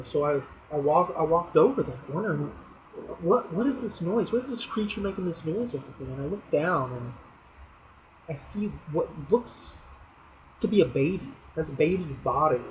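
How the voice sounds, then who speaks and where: Deadpan man rambling through a comic monologue. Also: a little hiss or hum, rough recording. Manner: low-key, deadpan storytelling with crude jokes. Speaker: fantasy league member delivering a weekly roast.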